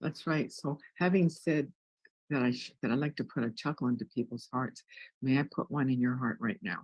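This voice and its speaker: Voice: mid-range voice, a little fast, dry recording, rough recording. A wellness guest in an interview, upbeat and jokey, often restarting words.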